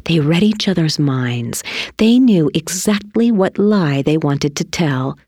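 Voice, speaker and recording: A woman reading a children's story aloud in an expressive, deliberate storytelling manner. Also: low voice, dry recording, clean studio sound. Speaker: narrator.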